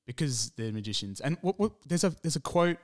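A man's voice: on the high side, sing-song, brisk. A man, co-hosting a podcast and reviewing a film in casual, rambling chat. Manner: rambling, restarts, laughs at himself. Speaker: podcast co-host.

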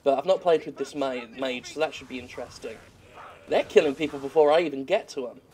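A man giving sweary, joking let's-play commentary while he plays a game, with excitable outbursts. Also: mid-range voice, quick pace. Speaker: games critic playing a game.

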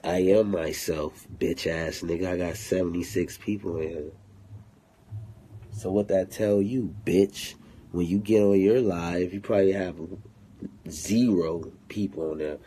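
A man's voice: sits low, measured pace, warm tone, breathy edge. A man streaming live to fans from his phone, in a profane, taunting, confrontational rant. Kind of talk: livestream rant.

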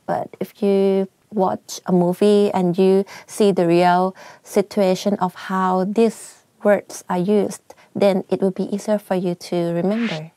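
A woman's voice: mid-range voice, flat delivery, a little slow, mellow, no echo. A young woman from Thailand with a Thai accent, hosting a casual language lesson in a chatty, giggly way and switching between Thai and English. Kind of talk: casual teaching vlog.

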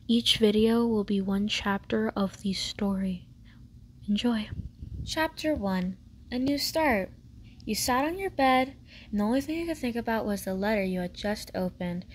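A woman narrating a fanfic story with a gentle, even reading style. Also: fairly high pitch. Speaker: fanfic reader.

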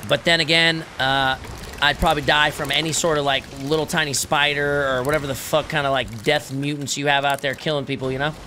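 A man streaming a video game, chatting casually with viewers and crew, relaxed and joking with plenty of swearing. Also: a little high, brisk, a little hiss or hum. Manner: laid-back, swearing, joking banter. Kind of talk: casual live-stream chat.

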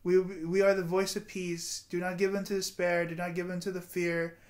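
A man's voice: high voice, little pitch movement, normal speed. A man in his twenties giving an earnest, rambling motivational vlog monologue with guided breathing and affirmations. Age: 20s. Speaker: vlogger.

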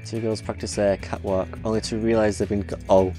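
A man's voice: lowish voice, level tone, fairly quick, dark tone, faint music behind. A man hosting a reaction video, commenting casually on clips, laughing often and swearing freely.

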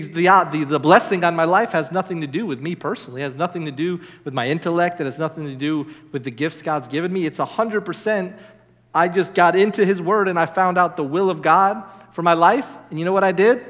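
Young man preaching with excitement. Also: high voice. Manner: animated, enthusiastic preaching with frequent "amen?". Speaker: minister. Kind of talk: sermon. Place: church sanctuary. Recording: long church reverb.

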